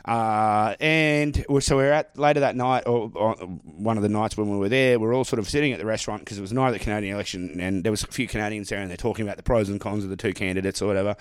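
A man's voice: lowish voice, fast talker, hardly any pauses, smooth, no room sound, studio quality. A man with an Australian accent, co-hosting a podcast and telling a sweary anecdote in casual chat. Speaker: podcast co-host.

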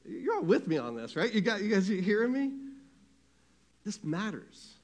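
A man delivers a sermon in a conversational way. His voice sits a little high for a man, and he keeps checking in with the congregation through questions. He leans hard on key phrases, then drops to a near hush. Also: very animated, moderate pace. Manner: conversational preaching, asks the congregation questions, swings from loud to hushed. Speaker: pastor.

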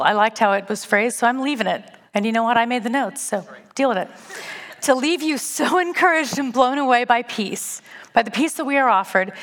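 A woman with a slightly higher voice preaches to a church audience. She talks in a casual, self-deprecating way and tells her stories with animation. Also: a bit bright, long reverb tail. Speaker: speaker at a church gathering. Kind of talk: sermon.

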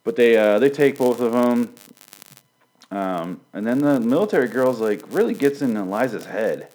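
A man's voice: medium pitch, expressive, normal speed, a little mellow, rough recording. A man giving a rambling, sarcastic recap of a TV episode, swearing a lot and acting out the characters' lines. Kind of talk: casual profane recap.

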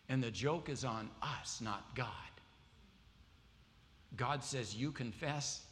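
A man's voice: medium pitch, lively intonation, measured pace, a bit bright. A man preaching a sermon to a congregation, telling stories and quizzing the audience with questions. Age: adult with wife and kids. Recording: long hall reverb, faint ambience.

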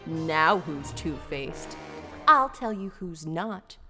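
A woman's voice: low voice, lively intonation, takes it slowly, over music. A woman announcing a political attack ad in a dramatic, accusing voice. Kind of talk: attack ad voice-over.

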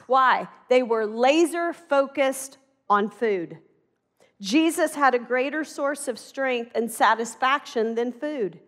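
A middle-aged woman preaching a sermon in an animated, conversational way, acting out the voices in her stories. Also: fairly high pitch, in a large hall.

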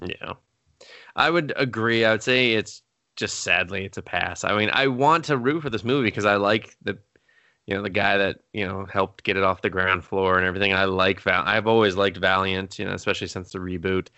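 A young adult man co-hosting a casual movie talk, loose and profane with quick asides. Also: sits low, fairly even intonation, pushed and bright, clean tone, dry recording. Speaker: podcast co-host. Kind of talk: casual chat.

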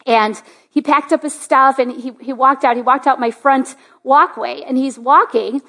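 A woman pastor speaks to her church in a chatty sermon. Her voice sits high, and she fills her story with "like". She often lifts into eager excitement. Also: normal speed. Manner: chatty, lots of "like", rising to excited. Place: church sanctuary.

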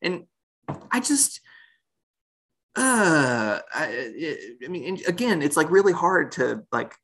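Lively, bright-voiced man thinking aloud. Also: a little high, slow, slight background noise. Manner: animated, laughs often, thinks aloud. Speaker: podcast co-host. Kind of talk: casual discussion of an animated series.

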